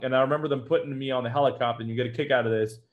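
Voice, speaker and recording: A man speaks quickly in a mid-range voice, recounting his own experience as a former Marine during an interview. He talks in a conversational, matter-of-fact way, with fillers and small restarts as he goes. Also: mid-range voice, fairly even intonation, narrow, tinny audio. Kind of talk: personal storytelling in an interview.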